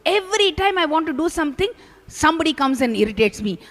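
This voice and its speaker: A woman voicing an irritable male sadhu who is quick to anger. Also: sits high, big pitch swings, fairly bright tone, voice pushed up. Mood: irritated. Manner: exasperated, then reflective. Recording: long hall reverb.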